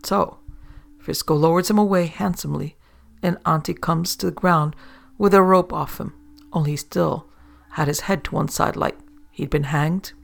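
A man narrating an old sailor's yarn aloud in a steady storytelling manner. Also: a little high, normal speed, vocal fry.

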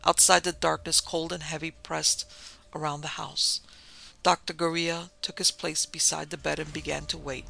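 Man reading a horror audiobook, measured and dramatic, kinda high and crackly, faint music under it. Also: little pitch movement, vocal fry, sharp tone. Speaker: narrator.

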